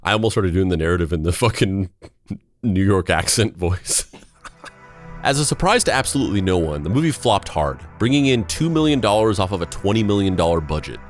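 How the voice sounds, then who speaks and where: A man's voice: low-pitched, expressive, a little fast, faint music behind. A man hosting a podcast, chatting casually with rambling, profane talk and reading narration parts. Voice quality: rambling, profane, filler-heavy. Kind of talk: casual chat and read narration.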